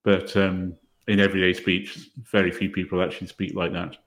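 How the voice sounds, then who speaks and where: Man, low deep voice, easygoing, modest, casual guest. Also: little pitch movement, a little fast, fairly bright tone. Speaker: podcast guest, language website creator. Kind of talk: casual interview conversation.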